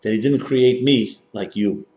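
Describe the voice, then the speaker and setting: A man voicing a condemned prisoner in a spoken story, speaking in a quiet, hushed voice. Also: lowish voice, unhurried, roomy sound, dull audio, voice pushed down, lightly acted. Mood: quiet defiance. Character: condemned Jewish man, calm and defiant.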